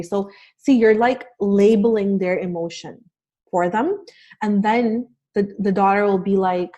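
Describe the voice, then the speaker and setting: A young adult woman speaks as a podcast guest in an earnest, encouraging way. Her pitch sits in the middle range, and her talk is loose and full of fillers. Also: measured pace, dark tone. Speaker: podcast guest, life coach. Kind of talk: casual podcast conversation.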